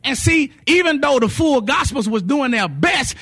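A man's voice: extremely high pitch, moderate pace. A man preaching a sermon, telling testimonies with acted quotes and sung phrases. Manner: animated storytelling, voices quotes, sings some phrases.

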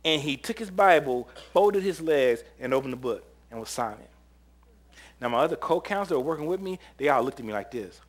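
A man preaching a sermon, telling camp stories in an animated way, often laughing and acting out what people said. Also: mid-range voice, brisk. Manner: animated storyteller, laughs often, acts out quotes. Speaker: preacher and former camp counselor.

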